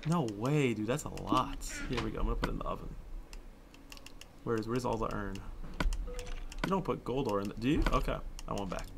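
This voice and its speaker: Excitable swearing young male gamer. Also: mid-range voice, a little fast, gravelly, pauses often, background noise. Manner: excitable, swears a lot, loud outbursts. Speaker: gaming YouTuber. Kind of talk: casual Minecraft let's play commentary.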